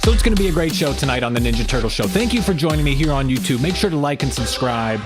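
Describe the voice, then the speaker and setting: A man hosting a weekly fan livestream in casual chat, energetic and rambling, with a hoarse voice he says he is losing. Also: fairly high pitch, quick pace, over loud music.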